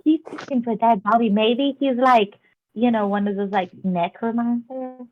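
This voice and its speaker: A woman playing a tabletop game, excitable and giggly. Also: fairly high pitch, moderate pace, phone-quality sound. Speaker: player. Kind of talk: casual chat at a tabletop game.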